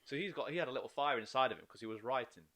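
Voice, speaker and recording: Male podcast host, quick-paced, encouraging, casual. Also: mid-range voice, expressive, a bit bright. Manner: encouraging, explains ideas with an image. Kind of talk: casual interview chat.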